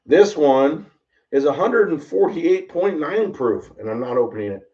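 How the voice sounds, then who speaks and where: Excitable man, slightly distant mic. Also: fairly high pitch, normal speed, dull audio. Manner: excitable, exclaiming, rambling. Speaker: bourbon tasting host. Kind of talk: casual livestream tasting chat.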